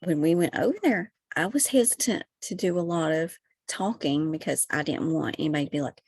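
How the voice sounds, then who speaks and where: Podcast guest: Kentucky woman, low gravelly voice, dry close sound, chatty. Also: brisk, few pauses, darkish tone, dry recording. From Kentucky, USA. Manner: chatty, many fillers like "you know". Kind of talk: casual conversation.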